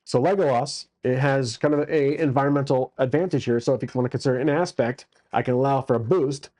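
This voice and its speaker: A man's voice: mid-range voice, quick pace, a little mellow. A man casually narrating a solo tabletop game as its game master, with crude jokes and many fillers.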